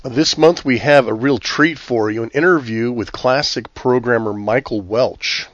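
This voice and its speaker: A man with a hoarse, scratchy voice hosts a retro gaming podcast in a relaxed, conversational way, often pausing on um and uh. His voice sits in a middling pitch range. The recording is dry and somewhat dull, with a lo-fi edge. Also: dry recording. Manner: conversational, with frequent ums and uhs. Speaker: podcast host.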